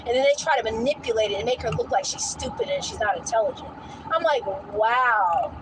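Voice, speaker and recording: A woman vlogging in a casual storytelling rant, animated and incredulous, often breaking into laughter. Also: a little high, fast talker, noisy background.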